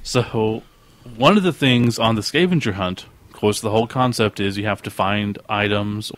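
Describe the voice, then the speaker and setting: A man's voice: fairly low pitch, normal speed, no room sound. A man co-hosting a casual podcast, telling stories eagerly and acting out what others said. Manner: animated storyteller who acts out quoted voices. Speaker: podcast co-host.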